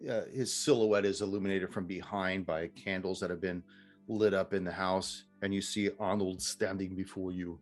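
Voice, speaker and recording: Low-voiced man running a tabletop game. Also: steady tone, normal speed, soft background music. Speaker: game master.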